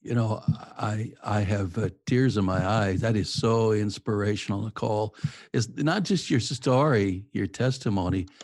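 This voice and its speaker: A man's voice: on the low side, moderate pace, a little mellow, dry recording. A man hosting an interview, speaking in an affirming, reflective way to his guest. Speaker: podcast host. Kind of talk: interview conversation. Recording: dry close sound.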